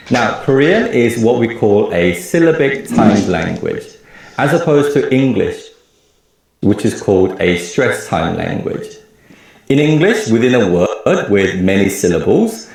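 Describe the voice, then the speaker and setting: Male language teacher, low gravelly voice, lively delivery, very echoey room. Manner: measured, explanatory. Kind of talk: scripted lecture.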